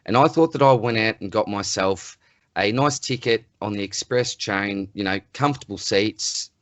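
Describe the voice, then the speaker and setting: An Australian man co-hosting a casual sports podcast, ranting in an animated, exasperated way. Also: fairly low pitch, normal speed, a little hiss or hum. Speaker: podcast co-host.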